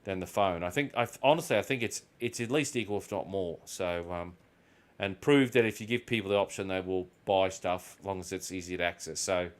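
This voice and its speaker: An Australian gaming video host with a low voice talks briskly and casually while playing. He rambles, swears freely, and tells animated anecdotes.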